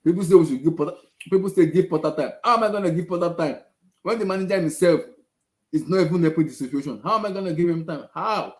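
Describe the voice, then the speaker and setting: A man's voice: fairly high pitch, fast. A man hosting a football fan show, talking in a frustrated, repetitive way. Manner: exasperated, repeats himself. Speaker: football fan channel host. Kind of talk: casual fan rant. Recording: echoey room.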